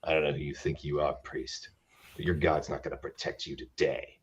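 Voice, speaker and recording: A man's voice: extremely low pitch, little pitch movement, brisk, slightly rough, muffled recording, pitched below the performer's own voice, full character voice. A man voicing a sneering male ruffian with a put-on posh English voice.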